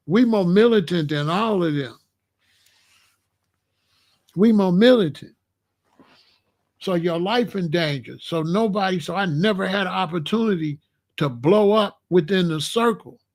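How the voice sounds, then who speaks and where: Man, high-pitched voice, from the United States, boastful, confrontational, profane monologue.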